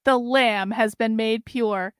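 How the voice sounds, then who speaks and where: A woman voicing a gentle, solemn woman cult leader who speaks softly, in a comic fan story read aloud. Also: a little high, fairly even intonation, slow pace, clean tone, dry recording, studio quality. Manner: soft, hushed, solemn.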